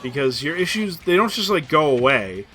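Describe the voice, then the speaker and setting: A man's voice: fairly high pitch, sing-song, normal speed, a bit bright, a little hiss or hum. A young man rambling through casual gaming stream commentary in a put-on voice, swearing freely and making fun of himself. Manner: rambling, profane, self-deprecating; playing up a put-on voice.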